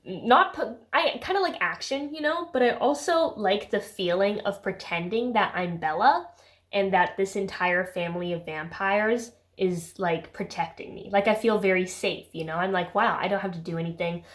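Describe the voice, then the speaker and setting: A woman's voice: mid-range voice, normal speed. A young woman vlogging about a book she read, chatty and sarcastic, full of filler words. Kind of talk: casual chat.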